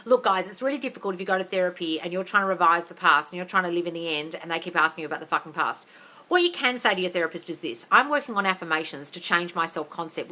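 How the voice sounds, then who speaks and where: A woman coaching viewers on a livestream, reading their questions and answering in a blunt, sweary, ranting way that often turns to yelling. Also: lowish voice, low-quality recording. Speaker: manifesting coach answering live chat questions. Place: home desk area. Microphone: livestream on phone or computer.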